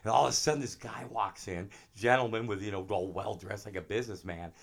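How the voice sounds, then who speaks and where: A middle-aged man, a drummer, telling animated anecdotes in a casual interview. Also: on the low side, quick pace. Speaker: drummer guest.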